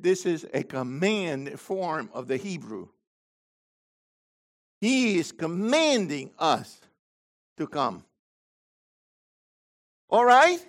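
A man preaching a sermon as pastor, swinging between loud high emphasis and low quiet asides.

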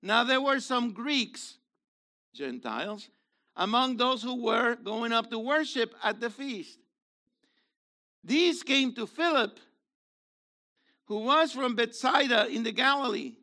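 A man in his seventies delivers a sermon in a high, gravelly voice, unhurried yet wildly animated in pitch. He drops to worn murmurs, then bursts into shouted exclamations. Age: 70s. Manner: fiery, swings from low murmurs to shouted exclamations. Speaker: messianic rabbi.

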